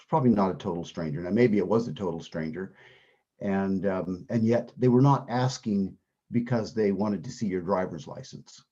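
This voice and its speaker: Low, husky-voiced man teaching a class. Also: warm tone, highs cut off. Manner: conversational, asks the class questions and repeats key phrases. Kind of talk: interactive class lesson.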